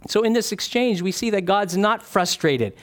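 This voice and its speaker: A man's voice: high-pitched, animated, moderate pace. A man preaching a sermon, reading scripture aloud and explaining it in an earnest, conversational way, often asking his listeners questions.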